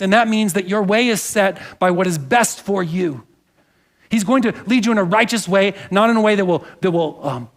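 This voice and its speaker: Pastor, male, high-pitched; earnest conversational sermon with congregation asides. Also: a bit bright. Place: church sanctuary.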